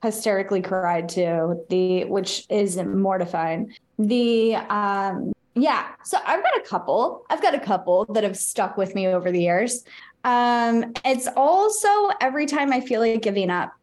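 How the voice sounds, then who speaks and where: A woman's voice: medium pitch, lively intonation, a little slow, darkish tone. A woman co-hosting a podcast, telling personal stories in casual chat, laughing and swearing easily. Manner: chatty, laughing storyteller who swears casually. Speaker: podcast co-host.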